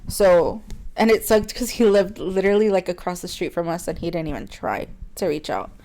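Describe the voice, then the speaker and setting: A young woman with a slightly low-pitched voice speaks as a podcast co-host. She tells a personal story candidly and casually, leaning on "like" as filler and laughing between phrases. She goes quieter and more earnest on the hard parts. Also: normal speed. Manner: chatty, heavy "like" fillers, laughs often between words; earnest and open, turning quiet on painful parts.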